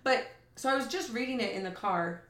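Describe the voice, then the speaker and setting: A woman's voice: a little high, brisk, a bit bright, reverberant. A woman co-hosting a podcast in casual chat, talking freely and laughing easily. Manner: chatty, laughs easily, mild swearing. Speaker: podcast co-host.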